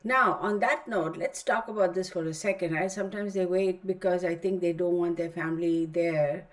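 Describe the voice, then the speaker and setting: Middle-aged Texan woman host, lowish voice, chatty, rambling, lots of ums. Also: steady tone, moderate pace. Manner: rambling, storytelling, many fillers. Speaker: tarot channel host. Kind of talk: casual livestream chat.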